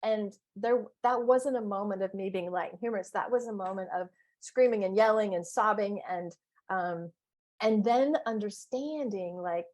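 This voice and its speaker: A woman coach telling stories in a casual interview chat, playful and animated, with big exclamations. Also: medium pitch, moderate pace.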